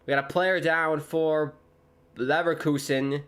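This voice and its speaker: A young man from the United States hosting a live football watchalong, chatting casually and joking, with sudden excited shouts. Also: on the high side, slow. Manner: rambling, jokey, breaks into excited shouts. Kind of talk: casual live commentary and chat.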